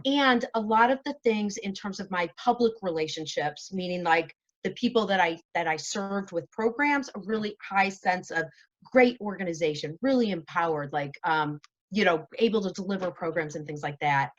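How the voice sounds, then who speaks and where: A woman's voice: lowish voice, lively intonation, normal speed. Chatty self-mocking woman on a dull call. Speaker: show host, interviewed as guest. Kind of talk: casual interview talk.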